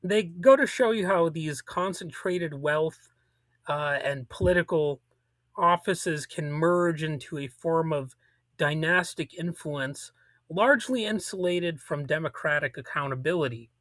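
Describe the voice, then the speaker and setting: A man with a bright, forceful voice, pitched a touch above most men, talks through political commentary on his own show. He rambles, restarts and drops sarcastic asides. The sound is dry and close, with no room around it. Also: measured pace, no echo.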